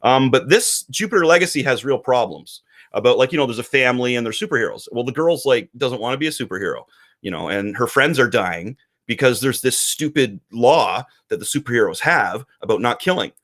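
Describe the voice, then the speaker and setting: A man's voice: medium pitch, lively intonation, brisk, a bit bright. A man co-hosting a casual podcast, talking animatedly and acting out quoted voices. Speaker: podcast co-host, comic publisher.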